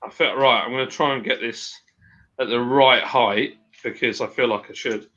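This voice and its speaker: Bright-voiced man chatting on stream. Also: mid-range voice, steady tone, moderate pace, highs cut off. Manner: chatty, jokey, rambling. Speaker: live stream host. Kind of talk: casual chat reading viewer comments.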